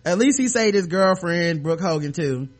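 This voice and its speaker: A man's voice: sits high, lively intonation, normal speed. A male podcast host on a video call, chatting casually and joking, often laughing as he talks. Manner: jokey, laughs often while talking.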